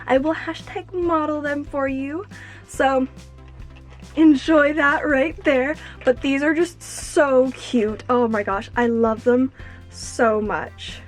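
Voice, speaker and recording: A young woman unboxing earrings at home, gushing and excitable, exclaiming often. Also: high-pitched, slow, soft background music. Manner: gushing, excitable, fillers like "oh my gosh". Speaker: YouTuber. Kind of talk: unboxing vlog.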